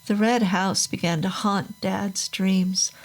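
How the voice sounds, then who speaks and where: A woman reading a first-person horror story aloud in a measured, unhurried storytelling manner. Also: mid-range voice, fairly even intonation, poor audio. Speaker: narrator. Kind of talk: scripted horror story narration.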